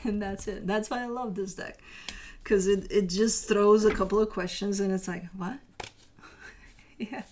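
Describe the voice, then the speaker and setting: A woman's voice: mid-range voice, steady tone, unhurried, a little mellow, a little hiss or hum. A woman giving a casual tarot reading, chatty and loose, swearing now and then and slipping into teasing asides. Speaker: tarot reader.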